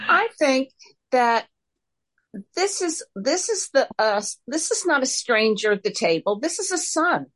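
A woman's voice: sits high, very animated, a little slow, a bit bright, low-quality recording. A woman taking part in an online class, answering in an earnest, hesitant way with stammering restarts. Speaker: class participant.

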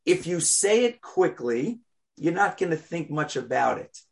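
A man teaching a weekly class on prayer, speaking deliberately and stressing key words as he explains them. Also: on the high side, big pitch swings, gravelly. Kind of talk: religious class lecture.

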